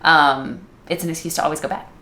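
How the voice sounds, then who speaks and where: A woman with a notably low, deep voice chats casually as co-host of a vlog, upbeat and full of filler words. She sounds like she is in a roomy, echoing space indoors. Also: fairly even intonation, a little fast, bright, forceful tone. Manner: chatty, upbeat, with frequent "um" and "yeah". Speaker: co-host of a couples channel.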